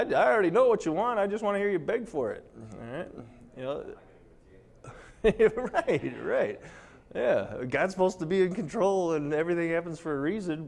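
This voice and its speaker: A man's voice: fairly high pitch, animated, normal speed, vocal fry. Guy presenting to a crowd, gets all fired up, sarcastic, keeps checking in with the room. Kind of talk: live presentation to an audience.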